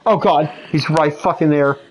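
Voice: mid-range voice, moderate pace, darkish tone. A streamer playing a horror game live, panicking, swearing nonstop and yelping between nervous laughs.

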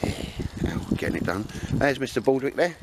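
A man's voice: mid-range voice, sing-song, moderate pace, creaky, very noisy. A middle-aged man chatting casually to camera outdoors in the woods, rambling and laughing at his own stories. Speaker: vlogger. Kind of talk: casual outdoor vlog chat.

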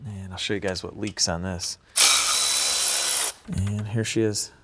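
A man hosting a car-repair video who explains his work casually and jokes between tasks, sometimes letting out excited whoops. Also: lowish voice, a little slow, very noisy. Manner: upbeat and joking, with sudden excited whoops. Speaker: host and car mechanic. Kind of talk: casual repair vlog commentary. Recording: echoey garage reverb.

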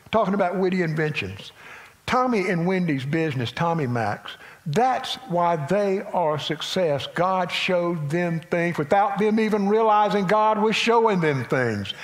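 A man with a high voice and a Southern US accent delivers a folksy sermon as a pastor, alternating between emphatic, loud lines and hushed asides.

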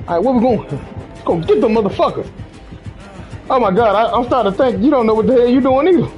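A man gives loud, casual gaming commentary, his pitch jumping all over as he jokes and swears at his teammates. His voice comes through a slightly muffled recording. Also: lively intonation, fast, soft background music. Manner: loud joking trash talk, swearing. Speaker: gamer.

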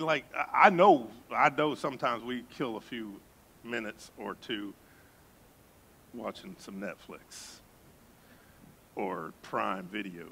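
A male pastor preaching a sermon in an animated way, with joking asides and bursts of emphasis. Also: medium pitch, slow pace, creaky, long pauses, a little hiss or hum.

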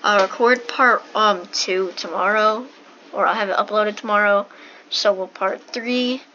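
A woman commentating a game at an unhurried pace, reading on-screen text aloud and wondering out loud at it. Her voice is bright and a bit sharp. It comes through a dull, lo-fi mic with a faint hiss behind. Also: mid-range voice, fairly even intonation. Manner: reads game text aloud with puzzled remarks. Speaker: gameplay video host.

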